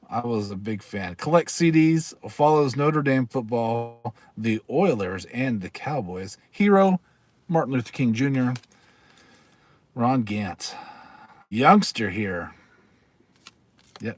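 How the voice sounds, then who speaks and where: A man's voice: medium pitch, darkish tone. Chatty man hosting a casual livestream. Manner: chatty, rambling, laughs often, reads card backs aloud. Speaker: livestream host. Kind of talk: casual live-stream chat.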